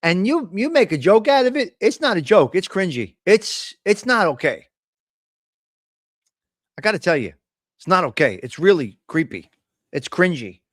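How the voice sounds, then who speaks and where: A man's voice: high voice, big pitch swings, normal speed, pauses often, fairly bright tone, dry recording, clean studio sound. A man hosting a casual live stream, talking bluntly with a lot of profane trash talk. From Italian American. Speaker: host.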